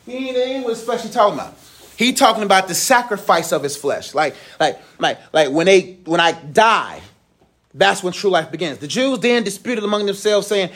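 High-voiced man teaching the Bible casually. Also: expressive, fairly quick, fairly bright tone. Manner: informal, slangy, reads scripture then explains it. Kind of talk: Bible lesson to a class.

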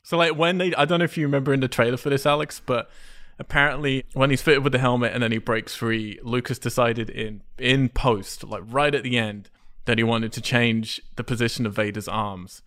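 A man's voice: mid-range voice, steady tone, a little fast, hardly any pauses, a bit bright. A man in a casual chat, sardonic and exasperated, swearing for emphasis. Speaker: podcast co-host.

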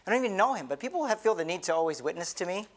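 A man's voice: sits high, lively intonation, racing. A middle-aged man, a pastor, giving an earnest, conversational sermon with many repeated restarts.

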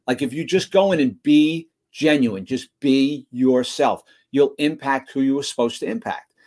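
As a guest in an interview, a motivational speaker who visits schools tells a story earnestly, frequently restarting his words. He talks at a normal speed with a medium pitch and a darkish tone.

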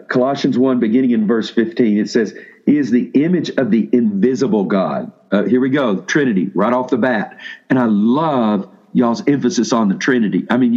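Addressing seminary students, a male pastor preaches conversationally in a medium-pitched, slightly mellow voice. He often starts over and asks the room questions, and the sound quality is lo-fi.

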